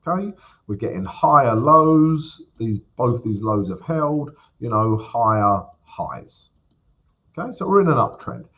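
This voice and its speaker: A man hosts a casual trading livestream, talking in an easy, chatty way and greeting his viewers by name. His voice sits at a middling pitch. The recording sounds a little dull and lo-fi. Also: sing-song, unhurried, pushed and bright. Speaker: forex trading livestream host. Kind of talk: casual livestream chat and chart walkthrough.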